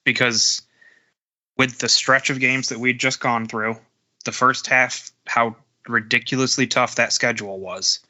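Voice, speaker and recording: A man co-hosting a sports podcast, recounting games in casual animated chat. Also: medium pitch, measured pace. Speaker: podcast co-host.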